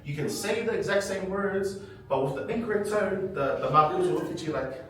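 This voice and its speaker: A hoarse man teaching a language workshop to a group, animated and quizzing his listeners with some humor. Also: high voice, brisk. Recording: echoey hall, from far off, crowd around.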